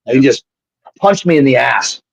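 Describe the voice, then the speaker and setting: Husky-voiced man swearing through wrestling stories. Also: medium pitch, moderate pace, no echo. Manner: profane, animated anecdotes with frequent restarts. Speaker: guest, former pro wrestler. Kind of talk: casual storytelling on a live show. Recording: dull lo-fi sound.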